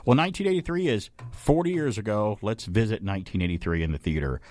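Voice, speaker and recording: A man's voice: on the low side, lively intonation, quick pace, darkish tone. A middle-aged man from Alabama hosting a casual talk radio show, telling stories and acting out quoted voices.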